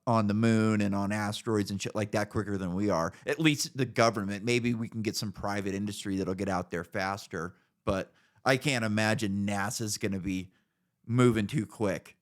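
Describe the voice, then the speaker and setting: A man's voice: fairly low pitch, steady tone, moderate pace. A man in his thirties co-hosting a casual podcast, ranting with plenty of profanity and a mocking edge. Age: 30s. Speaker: podcast co-host.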